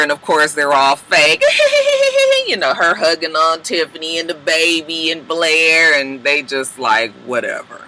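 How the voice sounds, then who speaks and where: A man giving a casual, profane TV episode recap, acting out the characters' lines in quick asides. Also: fairly high pitch, bright, forceful tone, a little hiss or hum. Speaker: TV recap reviewer.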